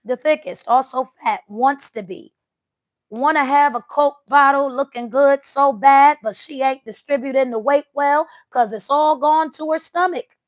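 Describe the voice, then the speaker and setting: High-pitched woman reading tarot cards, sassy and mocking, throwing shade. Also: a little slow, roomy sound. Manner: sassy, mocking, blunt trash talk. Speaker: tarot reader. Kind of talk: casual tarot reading vlog.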